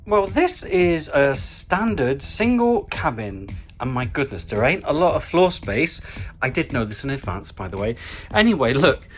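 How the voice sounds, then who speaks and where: A man hosts his own travel vlog, narrating as he goes with playful, self-mocking asides and theatrical gasps. His voice sits at an ordinary middle pitch, and clear music plays under him. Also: very animated, normal speed. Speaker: travel vlogger. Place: moving through stations, an airport and a small hotel cabin.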